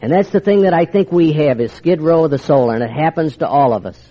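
A man's voice: fairly high pitch, expressive, a little fast. An older man speaking at a recovery meeting, telling his story in a wry, confiding way and acting out past conversations. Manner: wry, confiding storyteller who acts out quoted exchanges. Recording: dull lo-fi recording.

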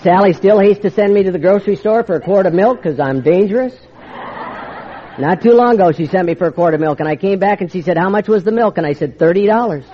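A man's voice: sits high, fast, slight background noise. An older man speaking at a recovery meeting, telling his story in a wry, confiding way and acting out past conversations. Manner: wry, confiding storyteller who acts out quoted exchanges. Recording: dull lo-fi recording.

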